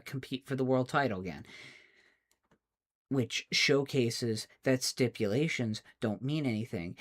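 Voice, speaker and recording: A man, a streamer, in an exasperated, profane rant, often stammering and restarting his words. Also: mid-range voice. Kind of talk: angry rant.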